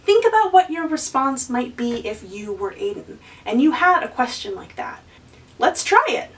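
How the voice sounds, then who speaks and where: A woman's voice: high-pitched, very animated, normal speed, far from the mic, rough recording. A woman hosting a lesson for kids, encouraging and asking the viewer questions. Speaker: children's educator and host.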